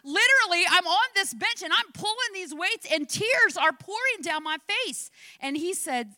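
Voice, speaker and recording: High, bright-voiced woman preaching. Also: a little slow, no echo. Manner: animated preaching with personal anecdotes, rising to impassioned exhortation. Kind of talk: sermon.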